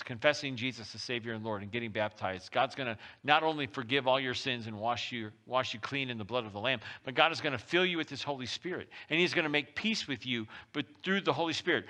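Man preaching a sermon, lively rising and falling pitch, bright forceful tone, casual and then loud. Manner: lively, conversational preaching with sudden loud pushes and soft drops. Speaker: pastor. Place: church.

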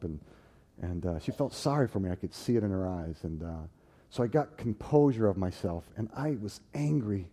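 A man preaching and telling his own story, swinging from loud, animated bursts to hushed, tender tones. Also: fairly low pitch, moderate pace. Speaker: preacher giving a personal testimony. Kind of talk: sermon storytelling.

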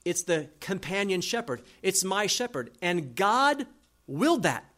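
A man preaching an expository sermon. He reads scripture aloud slowly and swings between loud emphasis and soft asides. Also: high-pitched, big pitch swings. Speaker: pastor.

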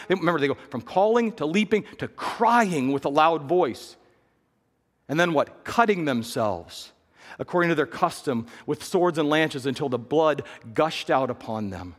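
A man's voice: very animated, brisk. Dynamic preaching man in a reverberant hall. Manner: dynamic preaching, swinging between hushed low lines and loud raised bursts. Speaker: pastor. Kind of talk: sermon.

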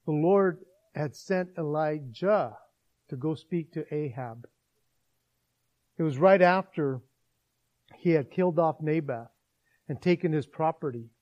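A man preaching a sermon, retelling a Bible story as a lively storyteller. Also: a little high, lo-fi sound. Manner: animated storyteller acting out scenes.

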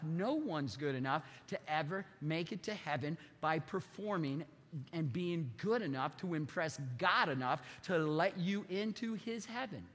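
A preacher in his fifties delivers a sermon in a high, bright voice, driving his points home with repetition. The sound rings with long reverb as if in a church hall. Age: 50s. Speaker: pastor.

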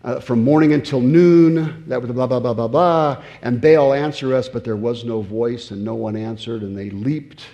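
A male pastor preaching in a loose, conversational way, full of fillers and restarts. His voice is mellow and warm. He sits in the middle range of pitch and keeps stopping to question his listeners. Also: fairly even intonation, normal speed, few pauses, lo-fi sound. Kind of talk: sermon.

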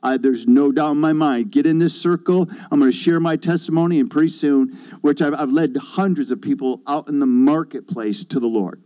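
Man, testimony, emphatic bursts and hushed asides, mellow voice, slightly muffled. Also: a little high, moderate pace. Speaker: guest sharing his testimony. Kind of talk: animated testimony.

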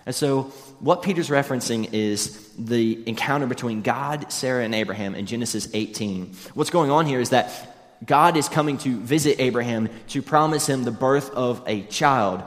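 A man's voice: mid-range voice, moderate pace. A man preaching a sermon as pastor, earnest and conversational, addressing wives directly, recorded in a large hall with long reverb.

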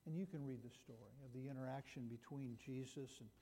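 This pastor's voice is medium-pitched, mellow and husky, moving a little fast. He preaches a sermon retelling a Bible story in a conversational manner with many restarts, and the hall reverb is long.

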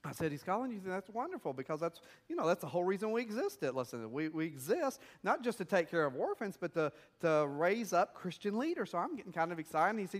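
Preaching as a missionary pastor, this man speaks quickly with few pauses, his voice high, animated and a bit bright. He shares stories and asks the congregation rhetorical questions, keeping things conversational.

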